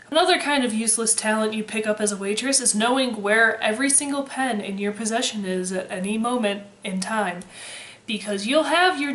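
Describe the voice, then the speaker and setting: A woman's voice: fairly high pitch, a bit bright. A woman in her twenties chatting casually to camera, sarcastic and freely swearing with dry humor. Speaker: vlogger, former waitress. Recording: roomy echo.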